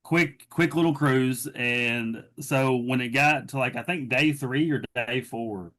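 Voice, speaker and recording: A man's voice: medium pitch, slow, bright, forceful tone. A man co-hosting a podcast, retelling a story in casual, rambling chat full of fillers. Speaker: podcast co-host.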